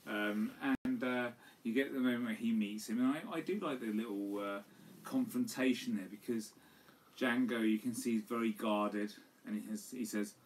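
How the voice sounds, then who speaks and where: A man's voice: fairly low pitch, fairly even intonation, moderate pace. A man co-hosting a casual, tipsy podcast chat, rambling with lots of fillers and some swearing. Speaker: podcast co-host. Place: home live stream. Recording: distant mic with faint room noise.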